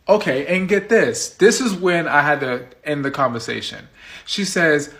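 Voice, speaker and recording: A man from the United States casually telling a personal story for his video, animated and indignant, with some swearing. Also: fairly high pitch, moderate pace. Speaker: storytime vlogger.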